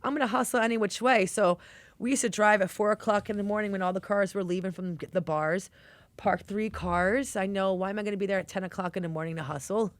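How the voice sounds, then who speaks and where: A woman's voice: medium pitch, quick pace, dry recording. A woman tells her stories with brash, streetwise energy. She is a chef talking in an interview. Her voice sits in a middle register and is recorded close and dry. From New York. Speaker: guest chef. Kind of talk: animated storytelling in conversation.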